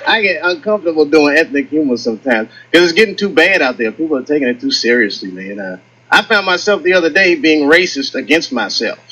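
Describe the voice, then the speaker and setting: A man doing a stand-up comedy set on stage, telling stories with lively acted-out quotes. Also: fairly high pitch, brisk, a little hiss or hum, low-quality recording. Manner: animated storytelling with acted-out quotes. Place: comedy stage with live audience.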